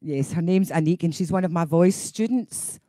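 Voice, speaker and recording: A woman's voice: lowish voice, moderate pace, warm tone, no echo, clean studio sound. A middle-aged woman with a Scottish accent, a singing teacher hosting a casual live stream, chatty and laughing, going off on tangents.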